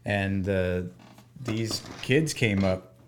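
A man's voice: low-pitched, very slow. American man, casual podcast chat, joking storyteller, faint hiss behind. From United States. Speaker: podcast co-host.

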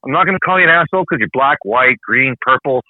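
A man from Canada hosting a heated political talk show, ranting fast and swearing often. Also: medium pitch, expressive, dry recording. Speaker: show host. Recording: dry, phone-like narrow sound.

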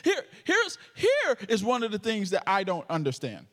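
A man's voice: sits high, huge pitch swings, moderate pace, a bit bright. A man preaching a sermon with a stutter, joking playfully with the congregation. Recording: long hall reverb.

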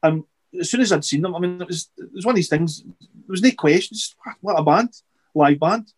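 A middle-aged man, a podcast guest, chatting casually and rambling with halting restarts and repeated words. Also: high-pitched, slightly rough. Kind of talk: casual interview chat.

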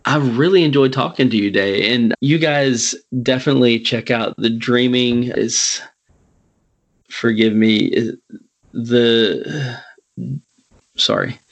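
A man from Alabama hosting a podcast, with a gentle Southern accent. He speaks in a slow drawl and stretches his words. His tone is easygoing and conversational, at a mid pitch. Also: animated. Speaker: podcast host. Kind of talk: casual interview chat.

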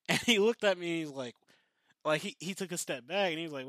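A man's voice: fairly high pitch, fast talker, dry recording. A man casually telling a story with lots of swearing, acting out the lines of the people in it. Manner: profane, animated, acts out quotes.

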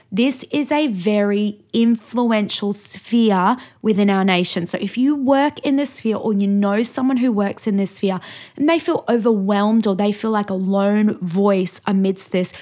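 An Australian woman pastor hosting a teaching talk, reading out lists with energy and emphatic pauses. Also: mid-range voice, darkish tone. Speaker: pastor and host.

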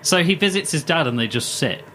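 A man's voice: on the high side, animated, brisk, pushed and bright. A man co-hosting a podcast who chats casually and teases his co-host in a jokey way. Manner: teasing, jokey, laughs often. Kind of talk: casual chat.

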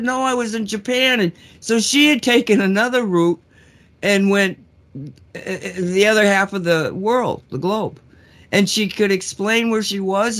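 A man hosting a radio talk show, telling a story in a casual, excited way with frequent restarts. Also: high voice.

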